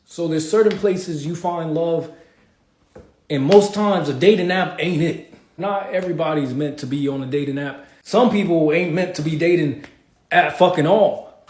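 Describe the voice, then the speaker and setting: A man's voice: fairly high pitch, normal speed, darkish tone. A young man telling a dating-app story to camera in a wry, candid way. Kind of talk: casual storytime vlog. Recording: echoey room.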